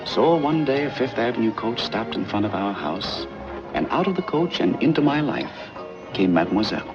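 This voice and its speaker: A man recalling his youth in a low, lively-pitched, reflective narration. Music plays under him. The sound is dull, like an old film soundtrack. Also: moderate pace.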